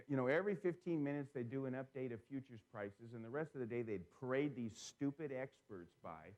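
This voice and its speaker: A man speaks at a live seminar with a voice in the middle range for a man. He tells stories with plenty of animation and keeps turning to the audience with questions. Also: mid-range voice.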